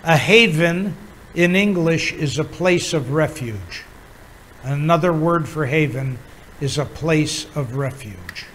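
A man teaching a Bible lesson as a pastor, pausing often with fillers while he explains words. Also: a little high, expressive, fairly bright tone, slight background noise, low-quality recording. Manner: halting, many filler pauses, chuckles while teaching.

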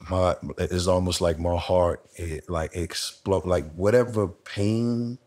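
Deep flat-voiced man telling a story. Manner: slow, reflective storytelling with casual slang. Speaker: interviewee sharing a personal story. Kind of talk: candid conversation.

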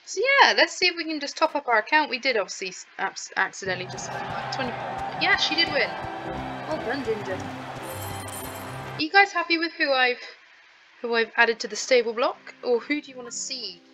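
Bright, chatty woman gaming host. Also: high voice, lively intonation, moderate pace, soft background music, rough recording. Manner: chatty, talks straight to viewers. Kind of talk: casual gameplay commentary.

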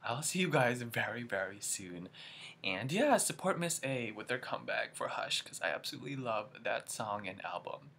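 Young male reaction vlogger, excitable and gushing, with a very lively, swooping voice. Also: mid-range voice, normal speed, creaky, breathy edge. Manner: gushing, excitable, exclaims often.

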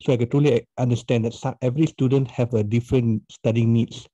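A man's voice: mid-range voice, fairly even intonation, fast, dark tone, husky, no echo. A man hosting a podcast interview, a math teacher, speaking hesitantly with many restarts. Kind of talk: casual interview chat. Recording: dull lo-fi dry sound.

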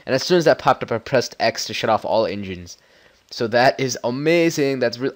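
A man's voice: mid-range voice, normal speed. A young man giving casual, rambling commentary over a space game tutorial, joking and getting flustered as he plays. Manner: rambling, jokey and easily flustered. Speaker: gameplay commentator.

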